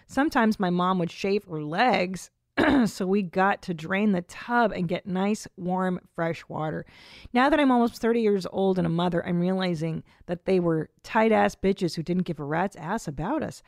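Low-voiced, foul-mouthed woman podcast host. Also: no echo, clean studio sound. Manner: profane, loose and laughing. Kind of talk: casual comedy podcast chat, reading listener messages.

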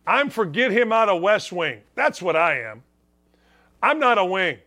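A middle-aged man hosting a sports talk show, ranting in an animated, wisecracking monologue and repeating his points for emphasis. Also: high voice, unhurried.

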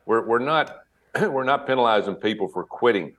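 A man, a politician guest, giving his opinions haltingly with many pauses and restarts. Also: mid-range voice, expressive, fairly bright tone. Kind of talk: casual interview remarks.

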